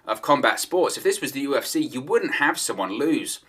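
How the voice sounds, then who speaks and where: Guy ranting casually about wrestling news, bright crisp voice, keeps repeating his point. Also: mid-range voice, sing-song, normal speed. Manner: conversational, repeats points for emphasis. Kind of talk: solo opinion commentary.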